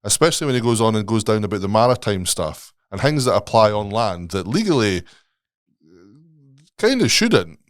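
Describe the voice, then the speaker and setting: A man's voice: on the low side, sing-song, normal speed, no echo. A man, a guest on a podcast, rambling casually and swearing emphatically.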